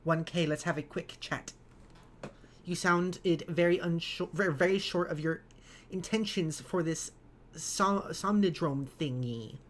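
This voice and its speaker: Woman putting on Helga, a slow teasing British lady. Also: on the low side, a little hiss or hum, natural voice. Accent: put-on British. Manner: slow, with heavily stressed consonants. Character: brisk, teasing female character Helga.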